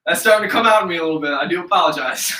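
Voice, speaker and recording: Young upstate New York man, fitness instructor, high bright voice, echoey room, mic set back. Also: rapid-fire, far from the mic. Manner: casual, chatty, counts reps aloud. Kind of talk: live follow-along workout instruction.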